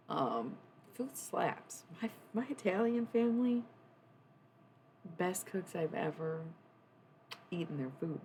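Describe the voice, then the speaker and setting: A woman's voice: sits low, animated, measured pace, vocal fry, a little mellow, a little hiss or hum. A young adult woman chatting casually on a livestream, rambling and swearing freely. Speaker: streamer.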